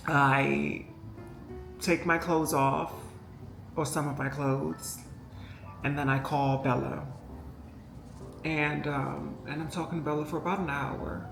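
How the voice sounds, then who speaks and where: A woman's voice: deep voice, gravelly, a bit bright. A woman vlogger telling a story in a casual, rambling and emotional way, with many fillers and asides to her viewers. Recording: echoey room with faint music behind.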